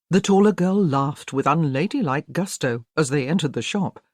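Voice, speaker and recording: A woman narrating a historical romance with a lowish voice that still moves through a wide, expressive range. The sound is dry and close to the microphone, with no room heard. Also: moderate pace, hardly any pauses, no room sound. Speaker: audiobook narrator. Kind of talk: scripted narration.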